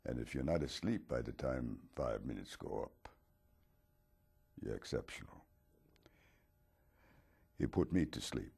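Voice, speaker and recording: A man rambling in a halting, deadpan way to open a comedy sketch. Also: very deep voice, vocal fry, husky.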